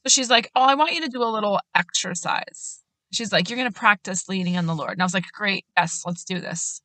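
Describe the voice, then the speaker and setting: Bright-voiced woman telling a faith story. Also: mid-range voice, brisk, no echo. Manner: earnest, animated when quoting others, laughs at herself. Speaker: podcast host.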